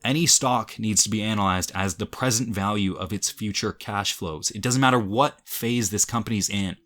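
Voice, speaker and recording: A man's voice: lowish voice, moderate pace, a bit bright. A young man from Canada, an investing YouTuber, reacting to angry comments in a heated, swearing rant with frequent laughs.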